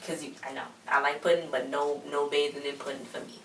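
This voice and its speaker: Low-voiced young woman recapping from a distance. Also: flat delivery, fast. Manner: chatty, quotes characters in exaggerated asides. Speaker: TV episode recapper. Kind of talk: casual episode recap. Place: home in a hot desert city. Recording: roomy, distant mic with faint hiss.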